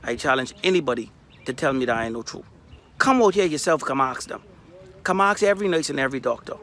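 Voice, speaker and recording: A man's voice: medium pitch, animated, fast talker, a bit bright. A Bahamian man making an angry, defiant appeal straight to camera, firing off rhetorical questions. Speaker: local volunteer.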